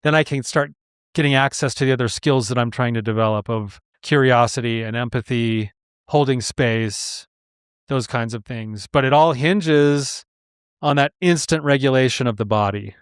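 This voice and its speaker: A man's voice: medium pitch, moderate pace, clean tone, dry recording, clean studio sound. A man talking as a guest therapist in a casual podcast conversation, earnest and explanatory, laughing and sighing now and then.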